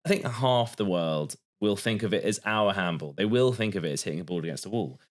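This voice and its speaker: A man's voice: lowish voice, animated, brisk. An English man co-hosting a podcast, chatting casually and telling stories with an easy laugh. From United Kingdom. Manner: chatty, storytelling, laughs easily. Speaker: podcast co-host. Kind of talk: casual chat.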